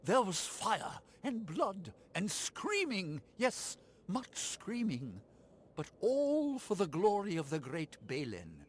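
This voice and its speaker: A man's voice: high-pitched, wildly swooping pitch, takes it slowly, slight background noise, full character voice. An actor playing a fanatical male cultist missionary in a video game, creepy and sing-song, sometimes sinking into a whisper. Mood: zealous.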